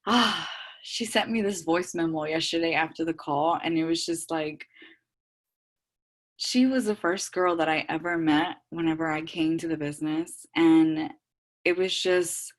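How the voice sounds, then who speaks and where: Fast-talking, heartfelt young Texan woman. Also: deep voice. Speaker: group call speaker. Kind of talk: emotional call sharing.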